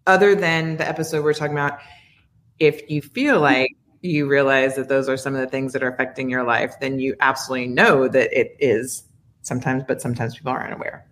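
A woman's voice: rumbling low, steady tone, brisk, a little hiss or hum. A woman co-hosting a relationship podcast, talking casually in a thoughtful, advising way. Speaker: podcast co-host.

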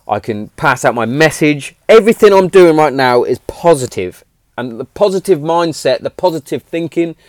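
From his home shed, a man in his thirties hosts his own podcast in a casual, heartfelt monologue, earnest, emphatic and rambling, swearing freely. His medium-pitched voice has a dry, studio-quality sound.

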